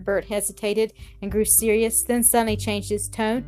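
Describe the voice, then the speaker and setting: A woman's voice: medium pitch, level tone, normal speed, hardly any pauses, darkish tone, faint music behind. A woman narrating a story aloud, reading steadily with small restarts. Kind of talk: audiobook reading.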